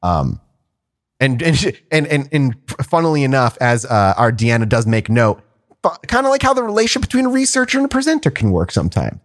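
A man's voice: medium pitch, sing-song, fairly quick. A man co-hosting a casual podcast over a video call, presenting research in a rambling way with lots of fillers and restarts. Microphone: remote call over a video chat app.

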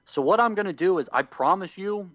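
A man's voice: high voice, expressive, fairly quick, a bit bright, dry recording, voice pushed up. A man putting on a smug wrestling villain who speaks with mock-earnest, oily sincerity. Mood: fake-sincere.

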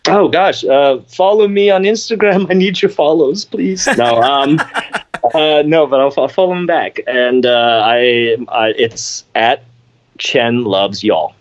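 A young man from Memphis, an actor talking as a podcast guest, animated and self-deprecating with frequent laughter. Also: mid-range voice, takes it slowly. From Memphis, Tennessee. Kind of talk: casual interview. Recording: slightly dull lo-fi sound.

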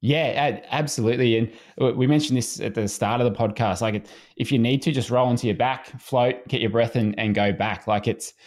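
A man's voice: mid-range voice, fairly quick, few pauses. A man, a swimming coach speaking as a podcast guest in an easygoing, casual way. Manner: relaxed, easygoing, frequent restarts.

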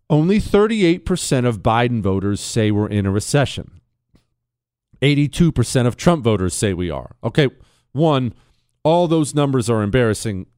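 Sarcastic, lively male talk show host. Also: medium pitch, clean tone, no echo, studio quality. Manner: animated, sarcastic storytelling. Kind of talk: talk radio monologue.

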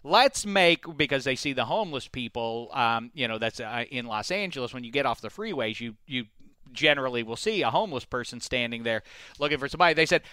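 Rambling, jokey sports radio host. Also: male voice, medium pitch, fast talker, bright, forceful tone, smooth, dry recording, studio quality. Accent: faint Pittsburgh. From Pittsburgh area. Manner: rambling, jokey, many restarts. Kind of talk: casual radio banter.

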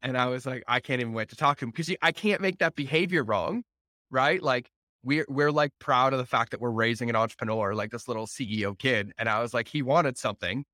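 A man hosting a podcast, telling a family story in a casual, animated way and acting out the voices of his wife and son. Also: mid-range voice, a little fast, no room sound. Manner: animated, acts out family dialogue with laughs. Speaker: podcast host.

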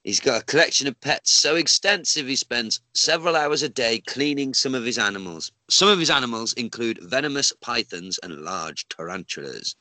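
A man on a podcast, reading odd news stories aloud in a lively, swooping voice full of swearing and laughter. His tone is bright and forward. The sound is dry and close to the mic. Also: medium pitch, moderate pace, few pauses, no room sound, low-quality recording. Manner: sweary, laughs often, mocks the story as he reads. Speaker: podcast co-host.

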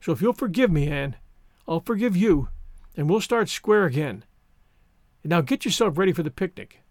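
A male narrator voicing a stern, strict older spinster woman in a storybook reading, brisk and scolding. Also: on the high side, animated, darkish tone, dry recording, clean studio sound. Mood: contrite.

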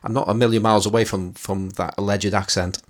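A man's voice: on the low side, fairly even intonation, brisk. A man from near Manchester, chatting in a hesitant, musing way. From England, near Manchester. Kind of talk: casual chat.

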